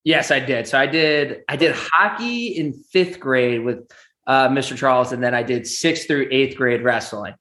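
A man's voice: mid-range voice, normal speed, a bit bright. Easygoing young man in a roomy space. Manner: easygoing, laughs while telling stories. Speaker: guest, amateur charity boxer. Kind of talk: casual interview chat. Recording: roomy echo.

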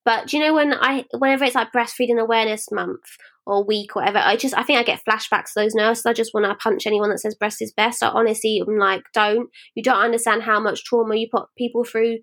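A woman's voice: fairly high pitch, fast. A woman co-hosting a podcast, telling frank stories in casual chat and acting out what people said. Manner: frank, animated storytelling with acted-out quotes. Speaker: podcast co-host.

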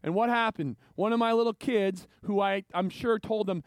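A man's voice: high-pitched, normal speed, few pauses, clear, resonant tone, no echo. A male pastor preaching a sermon, telling stories animatedly and acting out the voices of the people in them.

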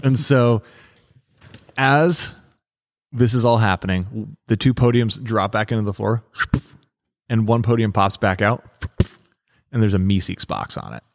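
A man's voice: fairly low pitch, measured pace, vocal fry, long pauses. A man narrating a tabletop game as game master, casual and joking.

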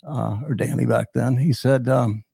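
An older man in his seventies tells his story with a deep gravelly rasp and a mellow, husky tone. He rambles a little, with fillers and restarts. The sound is close and dry. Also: fairly even intonation, moderate pace, no room sound. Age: 70s. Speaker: podcast host. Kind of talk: personal storytelling.

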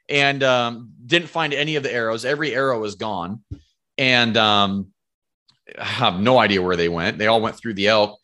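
A man telling hunting stories as a guest in a casual podcast interview, animated and rambling, with free swearing. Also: mid-range voice, normal speed. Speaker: podcast guest, bow hunter.

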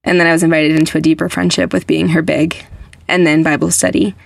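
A woman's voice: sits low, flat delivery, fast talker, creaky, no room sound. A young adult woman hosting a podcast, chatting casually and emphatically with lots of "like" fillers. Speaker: podcast host. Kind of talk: casual faith podcast chat.

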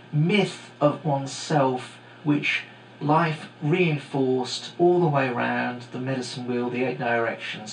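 A man's voice: medium pitch, creaky. A middle-aged man hosting a podcast, talking in a casual, digressive way with many fillers. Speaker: podcast host and teacher. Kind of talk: rambling podcast monologue. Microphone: home microphone. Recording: echoey room, faint hum.

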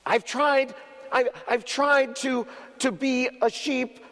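A man voicing a frightened little male goat who pleads and stumbles over his words, in a high, quavering voice. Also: fairly even intonation, slow pace, fairly bright tone, long reverb tail, exaggerated voice. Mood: pleading.

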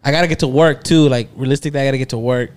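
A man's voice: medium pitch, darkish tone. A young man co-hosting a casual podcast, telling stories with lots of swearing and laughter. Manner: profane, laughing, quick storytelling. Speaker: podcast co-host. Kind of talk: casual chat.

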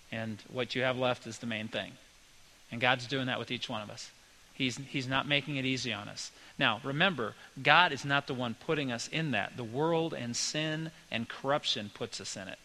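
Bright-voiced male pastor preaching. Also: medium pitch, fairly quick, a little hiss or hum, rough recording. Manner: folksy, conversational storytelling. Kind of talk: sermon with personal stories.

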